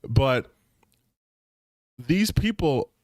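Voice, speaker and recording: Animated mocking male streamer. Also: mid-range voice, drawn-out words, no room sound, clean studio sound. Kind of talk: casual commentary stream.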